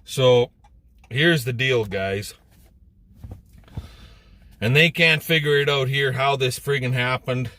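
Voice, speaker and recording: A man's voice: mid-range voice, slow pace, long pauses. A farmer vlogging casually from a moving vehicle, blunt and salty, swearing freely as he chats to his viewers. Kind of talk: casual on-the-road vlog. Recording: loud road noise in a vehicle.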